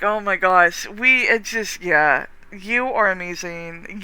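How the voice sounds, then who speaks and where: Texan streamer just rambling at chat mid-game, super bright sharp tone, smooth, lots of restarts and casual swearing. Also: mid-range voice, measured pace, few pauses, no room sound. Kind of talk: casual live-stream chat while gaming.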